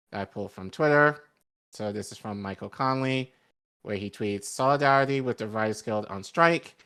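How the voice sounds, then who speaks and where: Low-voiced man reading news, halting. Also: a bit bright. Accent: Boston. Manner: halting, many ums and self-corrections. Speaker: podcast co-host. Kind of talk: reading a news article aloud with commentary.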